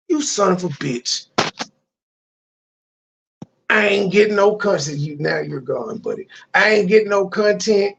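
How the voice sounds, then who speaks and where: A man's voice: high voice, lively intonation, a little slow, gravelly, long pauses, a bit bright, slightly rough. A man hosting a reaction commentary, ranting with profane disbelief. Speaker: commentary channel host.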